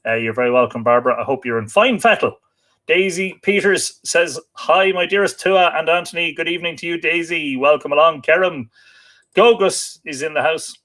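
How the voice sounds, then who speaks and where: A man's voice: on the high side, normal speed, sharp tone. An Irish man hosting a live stream from his home library, reading out viewer comments in a chatty, teasing way with frequent fillers. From Ireland.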